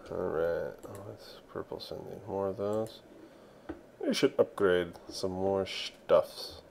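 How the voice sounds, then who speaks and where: Excitable gravelly young man. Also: low voice, slow pace, slight background noise. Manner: excitable, talks to himself while playing. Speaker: gaming channel host. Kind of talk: casual game commentary.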